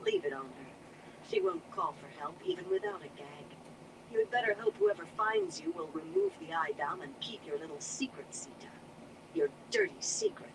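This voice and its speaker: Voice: very high voice, huge pitch swings, moderate pace, creaky, background noise, pitched above the performer's own voice, heavily acted. A hobby reader voicing a fierce, defiant young woman in a fantasy audiobook. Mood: grim.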